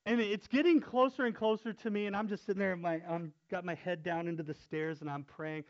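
Man, high voice, casual storytelling, laughs a lot, dull lo-fi sound. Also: brisk. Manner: animated, laughs often while telling. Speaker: youth pastor telling a story.

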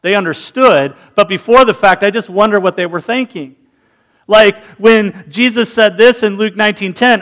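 A man in his forties preaching a sermon, telling animated stories and acting out the people in them. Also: high voice, moderate pace. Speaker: pastor.

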